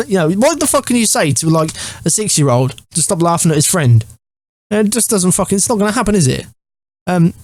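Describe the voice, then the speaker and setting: A man's voice: medium pitch, a little mellow, dry recording. An English man in his twenties, a gaming YouTuber telling his life story to camera in a rambling, joking way, swearing constantly. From England. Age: 20s.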